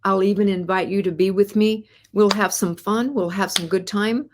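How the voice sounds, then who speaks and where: Woman host, mid-pitched voice, live podcast; encouraging, keeps asking the viewers questions, repeats and restarts her phrases. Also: moderate pace, noisy background. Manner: encouraging, asks the audience many questions.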